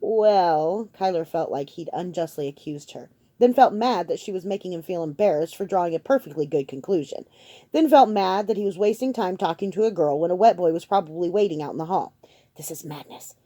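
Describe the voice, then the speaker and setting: A woman reads a novel aloud in a steady, measured narration. Her voice is low and mellow. The recording is close and dry, with no room sound. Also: dry recording. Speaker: audiobook narrator. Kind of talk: audiobook reading.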